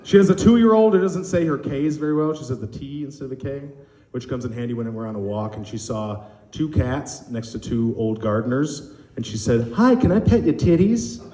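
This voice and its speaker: Stand-up comic in an echoey club. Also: male voice, mid-range voice, fairly quick, a little hiss or hum. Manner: animated storytelling with acted quotes. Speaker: stand-up comedian. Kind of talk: stand-up comedy set. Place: comedy club stage. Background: audience laughter.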